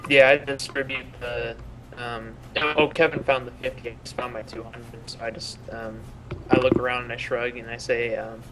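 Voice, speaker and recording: A man's voice: mid-range voice, level tone, normal speed, background noise. A man playing a tabletop game, hesitant, turning formal when in character. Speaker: player. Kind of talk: tabletop role-play.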